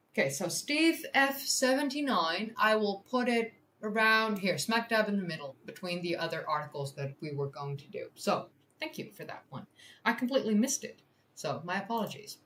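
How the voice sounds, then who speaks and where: A woman's voice: on the high side, a bit bright, slight background noise. A woman hosting a livestream, chatting casually with viewers and reading articles aloud, laughing easily and stumbling over hard words. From Netherlands. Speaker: livestream host, science communicator.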